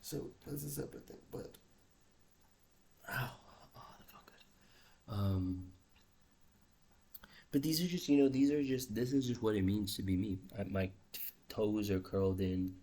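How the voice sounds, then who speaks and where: A man's voice: fairly low pitch, normal speed, long pauses, dark tone, husky. A young man talking in a rambling, musing video journal, swearing casually and often trailing off mid-thought. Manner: restless, trails off and restarts. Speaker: vlogger.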